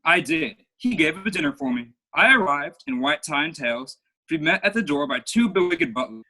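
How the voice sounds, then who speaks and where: Young man acting out a vain showy playwright, bright forceful voice, florid, video call. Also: a little high, animated, moderate pace, exaggerated voice. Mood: gossipy. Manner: grandiose, florid delivery. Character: flamboyant vain male playwright, theatrical and witty. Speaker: student actor. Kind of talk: school play over video call.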